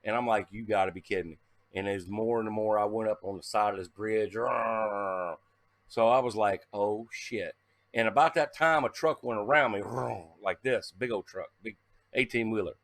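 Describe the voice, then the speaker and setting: A man casually telling a story to camera, animated and swearing, acting out his own past reactions. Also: fairly low pitch, moderate pace, no echo. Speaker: vlogger.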